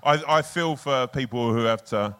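A man's voice: medium pitch, normal speed, smooth. A married man on a live podcast, bantering and cracking jokes, who swears casually. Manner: animated, jokey, swears casually. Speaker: podcast co-host.

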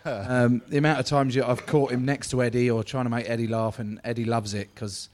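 A man's voice: mid-range voice, flat delivery, a little fast, a little mellow. A man appearing as a guest at a live show, telling stories in a wry, dry way with casual swearing. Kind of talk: casual chat. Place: crowded live-show venue.

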